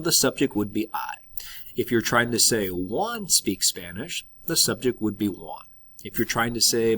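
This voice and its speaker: A man's voice: fairly low pitch, a bit bright, husky. A man teaching a recorded lesson, explaining step by step with patient check-ins. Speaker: Spanish teacher.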